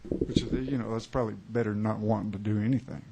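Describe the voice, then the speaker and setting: A man, chatting between songs at a small club show, rambling and halting with many pauses and wry chuckles. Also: on the low side, fairly even intonation, creaky, noisy background. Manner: wry, chuckling joke-teller. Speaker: singer-songwriter performing live. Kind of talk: onstage banter between songs. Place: small live music club.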